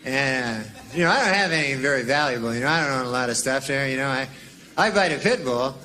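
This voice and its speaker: A man doing a stand-up routine in a rambling, deadpan way, padded with "you know". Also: mid-range voice, fast, a little hiss or hum. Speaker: stand-up comedian.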